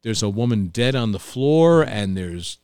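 A man's voice: fairly low pitch, measured pace, smooth. A man swaps stories in casual chat, and his voice swings up and down as he acts out the people in them. He swears often and talks in a loose, rambling way. The sound is dry and close, with little room echo. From New York. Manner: animated, profane storyteller acting out quotes. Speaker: restaurant owner, guest. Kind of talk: casual storytelling.

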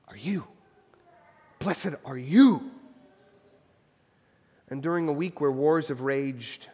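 A man preaching a sermon as pastor, earnest and emphatic, repeating phrases for weight and dropping into casual asides with fillers. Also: mid-range voice. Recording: long hall reverb.

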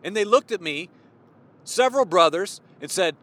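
Fervent high-voiced preacher man. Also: animated, moderate pace, slight background noise. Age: 40s. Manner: fervent and worked up, at times yelling. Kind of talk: impassioned sermon.

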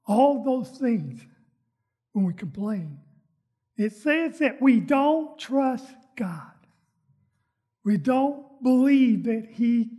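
Slow, slightly husky woman preacher. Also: on the high side, warm tone. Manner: earnest, deliberate preaching with emphatic repetition. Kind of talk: sermon.

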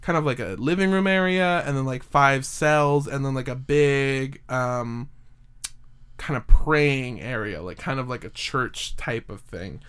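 A man's voice: medium pitch, unhurried, a bit bright, clean tone. A man hosting a podcast, telling a story in a rambling, joking way with many fillers. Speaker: podcast host. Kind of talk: casual chat, telling a story.

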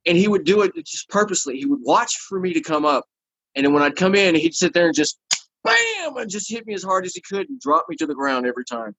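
A man's voice: a little high, fast talker, breathy edge, no room sound, low-quality recording. A man telling a long story in casual chat and acting out the people in it. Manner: animated, acts out the people in his story.

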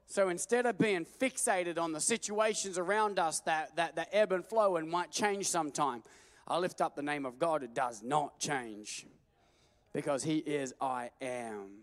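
A man preaching a sermon in an animated, jokey way, calling for amens from the congregation. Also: on the high side, measured pace. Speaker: pastor.

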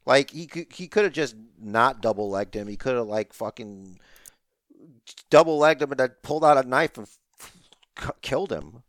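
A man's voice: mid-range voice, animated, normal speed, no echo, studio quality. A man co-hosting a podcast, talking casually with lots of slang and fillers. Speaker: podcast co-host. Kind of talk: casual chat.

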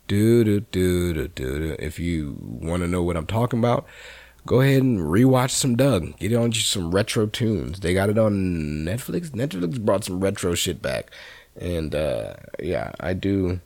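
A man with a very deep voice hosts a freeform solo podcast from his seat at home. He talks in a loose, rambling, profane way, full of restarts and side tangents. The sound is dry and close, with no room echo. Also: a little mellow. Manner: rambling, profane and laid-back, with many restarts and asides. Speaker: podcast host.

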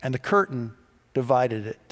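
A pastor delivering a sermon, telling stories and acting out the dialogue in different voices. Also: male voice, mid-range voice, expressive, moderate pace, in a large hall. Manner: storytelling, acts out dialogue in quoted voices.

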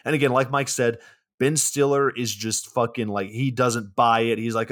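A man's voice: medium pitch, brisk. A man in his twenties co-hosting a podcast, casually recapping a film's plot with plenty of swearing and filler words. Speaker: podcast co-host.

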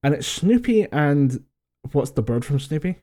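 A Scottish man with a slightly high, sing-song, mellow voice speaks at a normal pace while co-hosting a podcast from home via voice call. Telling stories casually, he laughs a great deal and swears freely.

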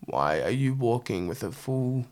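A man in casual chat, talking in an animated, excitable way with lots of laughter. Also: medium pitch, moderate pace.

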